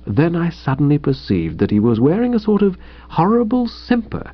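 A man's voice: fairly high pitch, no room sound. A man reading a comic first-person story in a breezy, chatty way. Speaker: audiobook reader. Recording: dull dry recording.

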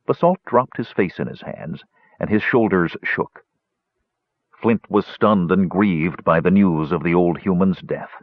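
A man narrating a fantasy audiobook with expressive storytelling. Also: low voice, a little slow, dry recording. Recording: dull, dry lo-fi recording.

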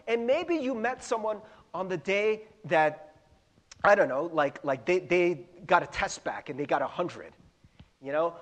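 Chatty higher-voiced pastor in a reverberant hall. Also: male voice. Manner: chatty, self-deprecating, with fillers and asides. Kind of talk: casual sermon. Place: church sanctuary.

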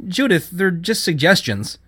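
A man's voice: high-pitched, sing-song, normal speed, fairly bright tone, pitched above the performer's own voice, exaggerated voice. A man reading a story, voicing a nervous young man who is flustered and hesitant. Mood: placating.

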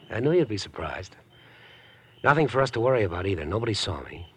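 An actor playing an unhinged, smooth-talking young man in an old radio drama, with a husky, insinuating manner. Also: lowish voice, very animated, brisk. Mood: creepily calm. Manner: insinuating, overly friendly. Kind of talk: 1950s radio drama acting.

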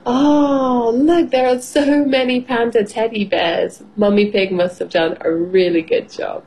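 A woman teacher on an educational radio show, reading a children's story aloud and asking learners simple questions in a slow, clear, encouraging way. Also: on the high side, steady tone, a little mellow. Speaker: English teacher. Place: radio studio.

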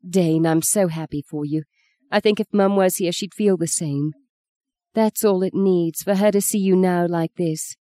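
An audiobook reader voicing a fiery young woman who is sharp-tongued and teasing, with a spirited, emphatic manner. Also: medium pitch, a little slow, close to an everyday voice. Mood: gentle. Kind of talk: audiobook reading.

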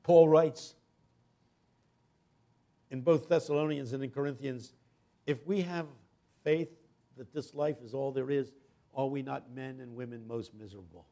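Gravelly older preacher, storytelling. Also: male voice, mid-range voice, steady tone, measured pace, pauses often. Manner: storytelling preacher who builds to loud impassioned crescendos. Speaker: guest preacher. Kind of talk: sermon.

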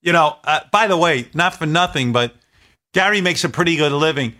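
A man's voice: a little high, animated, fairly quick, bright, forceful tone, no echo, studio quality. A man hosting a radio show, chatting and joking bluntly with his co-hosts and callers. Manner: blunt, joking, loose with swearing. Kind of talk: casual radio banter.

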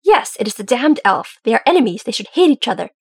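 A woman voicing a proud, hot-tempered young male dwarf prince in a fan story reading, speaking in a clipped, forceful way. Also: fairly high pitch, little pitch movement, a little fast, vocal fry, husky, no echo, studio quality. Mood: angry.

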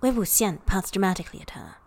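A woman narrating a story for a podfic in even, unhurried storytelling. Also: medium pitch, gravelly. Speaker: podfic reader. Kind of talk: scripted narration.

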